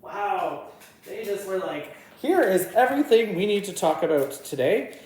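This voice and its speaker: A woman's voice: medium pitch, sing-song, normal speed, a little mellow. A woman doing a casual tarot reading, chatty and giggly, talking to her cards. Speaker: tarot reader. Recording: echoey room with faint noise.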